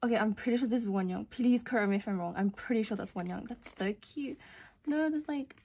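Excitable young woman gushing while unboxing. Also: a little high, brisk, slight background noise. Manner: gushing, excitable, gasps and squeals over pulls. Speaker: unboxing vlogger. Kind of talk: casual unboxing commentary.

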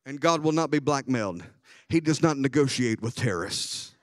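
A man preaching a sermon as a bishop, telling a story and swinging from hushed asides to loud, excited passages. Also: medium pitch, normal speed, no echo, studio quality.

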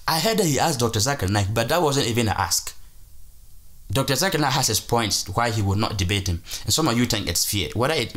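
A man's voice: mid-range voice, fairly bright tone. Rambling, emphatic male vlogger. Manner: rambling, emphatic, frequent restarts. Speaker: channel host. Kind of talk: casual commentary vlog.

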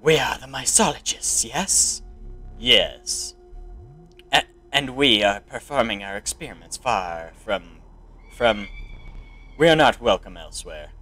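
A man voicing a strange pair of fungus scientists in a video game, reading in a halting, questioning way. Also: on the low side, lively intonation, bright, forceful tone, faint music behind, voice pushed down, heavily acted. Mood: eerie.

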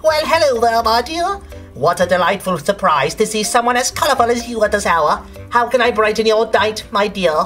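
A woman's voice: fairly high pitch, lively intonation, normal speed, fairly bright tone, soft background music. A synthetic woman as a sugary Texan old lady. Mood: sweet. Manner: sugary old-fashioned phrases. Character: prim older woman homeowner, fussy and wary. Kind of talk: game character voice.

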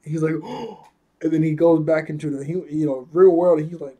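A man's voice: fairly high pitch, moderate pace, mellow. A man casually recapping an anime episode, rambling, chuckling often and correcting himself as he goes.

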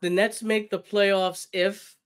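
Man, podcast host, hoarse, easygoing, slightly high voice. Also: level tone, slow pace. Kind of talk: casual podcast chat.

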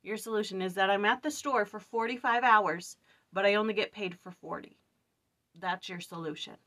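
Woman vlogger, tired, venting, animated storyteller, mid pitch. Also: moderate pace. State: weary. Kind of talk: casual scripture study vlog.

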